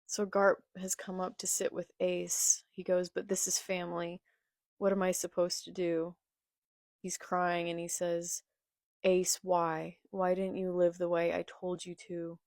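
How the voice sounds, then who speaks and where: A woman's voice: fairly low pitch, completely flat delivery, unhurried, darkish tone, no echo, clean studio sound. A young woman reading comic dialogue aloud in a casual reaction video and commenting on it between the lines. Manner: reads manga dialogue aloud, then comments. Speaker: manga reaction vlogger. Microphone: phone filmed in portrait.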